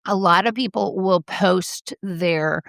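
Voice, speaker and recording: Middle-aged woman podcast co-host, gravelly, dry close sound, lively storyteller. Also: on the low side, slow, no echo. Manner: animated storyteller, quotes people in lively voices. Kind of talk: casual podcast chat, storytelling.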